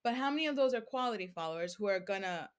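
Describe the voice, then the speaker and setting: Woman, young adult, podcast guest, lively storyteller, filler-heavy, mid pitch. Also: fast talker. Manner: animated, acts out quoted speech, many fillers like "like". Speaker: podcast guest, crystal seller. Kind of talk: casual interview storytelling.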